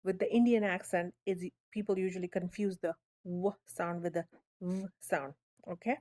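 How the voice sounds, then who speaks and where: A woman's voice: lowish voice, steady tone, dark tone. A woman teaching a phonics lesson, sounding out letters patiently and checking in with "okay?". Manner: drawn-out demonstration sounds, frequent "okay?" checks.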